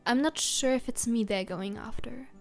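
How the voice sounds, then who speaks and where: A troubled, gentle older woman who rules a castle of elves, sounding worried, as a woman voices her from a text game. The voice is light and fairly high, read plainly. Faint music plays quietly underneath. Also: normal speed, creaky. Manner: read plainly, close to the reader's own voice.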